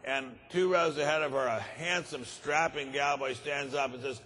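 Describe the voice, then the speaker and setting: A man telling jokes at a conference in a dry, unhurried way, with frequent uhs. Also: mid-range voice, steady tone, a bit bright, slight background noise. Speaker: conference speaker. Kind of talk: stand-up joke telling. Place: large conference hall. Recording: long reverb of a large conference hall.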